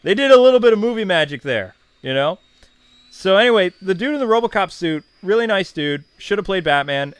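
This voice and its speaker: A man's voice: fairly high pitch, fairly bright tone, smooth. A man in his thirties, a channel host, casually reminiscing in a chatty, digressive way with many asides.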